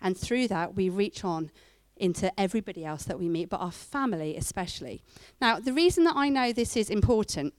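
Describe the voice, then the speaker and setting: A middle-aged woman giving a church talk, telling stories with lively acted-out quotes. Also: medium pitch, brisk, hardly any pauses, dry recording. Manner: animated storytelling with acted-out quotes. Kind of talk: sermon.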